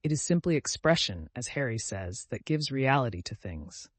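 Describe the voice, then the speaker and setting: A man's voice: medium pitch, sing-song, normal speed, no echo. A man reading the part of a young man who is cold, bored and self-absorbed, speaking in a languid, dismissive way.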